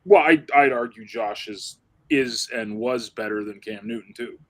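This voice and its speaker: A man's voice: medium pitch, normal speed, poor audio. A man co-hosting a casual sports chat in a laid-back, slangy way. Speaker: co-host.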